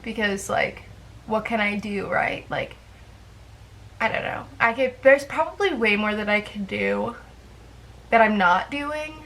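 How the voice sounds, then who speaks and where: A woman's voice: mid-range voice, lively intonation, measured pace, gravelly, long pauses, a bit bright, low-quality recording. A young woman chatting casually to camera in a rambling, self-deprecating way, with lots of fillers. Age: young adult. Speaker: vlogger.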